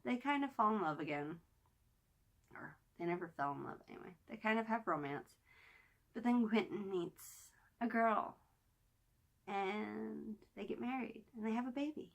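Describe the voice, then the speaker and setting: An excited woman chats casually through her weekly TV review, her pitch sitting squarely in the middle. She rambles with restarts and fillers, now and then sinking almost to a whisper. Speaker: TV review vlogger.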